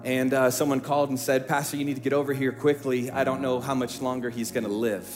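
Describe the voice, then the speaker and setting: A middle-aged male pastor preaching a sermon from a church stage, telling a story in hushed tones and rising into emphatic preaching. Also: medium pitch, little pitch movement, fast talker, over music.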